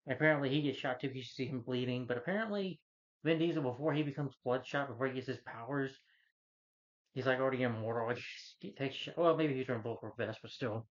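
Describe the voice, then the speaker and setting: A man's voice: medium pitch, quick pace, lo-fi sound. A man giving a rambling, casual movie review rant, retelling scenes and acting out the lines. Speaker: film reviewer.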